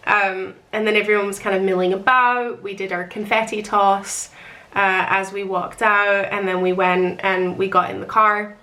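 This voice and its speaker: A woman's voice: mid-range voice, flat delivery, moderate pace, sharp tone. A young woman telling a long, rambling personal story in a chatty, emotional way, often laughing. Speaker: author recounting her wedding.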